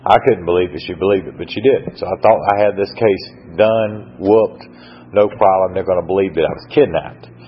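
A man's voice: low voice, normal speed, breathy edge. A middle-aged man from Georgia with a Southern accent, telling his recovery story in a rambling, wry, folksy way at a meeting. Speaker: speaker sharing a recovery story. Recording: dull lo-fi recording.

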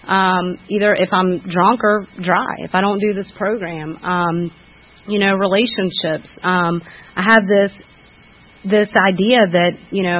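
Woman sharing a frank recovery story. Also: medium pitch. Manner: frank and self-critical, many fillers and restarts. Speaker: speaker sharing at a recovery meeting. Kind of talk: candid personal recovery testimony. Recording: dull lo-fi recording.

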